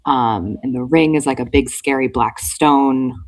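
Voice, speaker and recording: A woman with a bass, somewhat mellow voice speaks unhurriedly while hosting a book club podcast. She chats through chapter summaries in a casual recap, using lots of "um" and "like."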